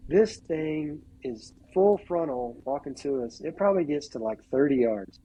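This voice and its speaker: A middle-aged podcast guest's voice is mellow and dark yet a little high, with a husky edge, at normal speed on a rough recording. He tells a hunting story casually and animatedly, acting out what each person said and peppering his sentences with "like."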